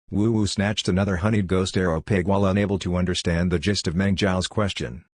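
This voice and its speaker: Audiobook narrator, male, low voice, dry and close. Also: fairly even intonation, brisk, few pauses, no echo. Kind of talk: scripted narration.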